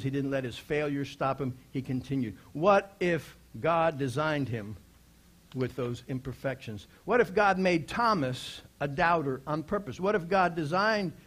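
A man preaching a sermon, asking the congregation rhetorical questions and swinging from hushed lines to loud exclamations. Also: fairly high pitch.

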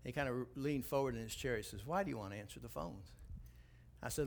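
A man in his sixties preaching a sermon, telling stories animatedly, acting out dialogue and building to loud exhortation. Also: mid-range voice, fast, gravelly. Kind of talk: sermon storytelling.

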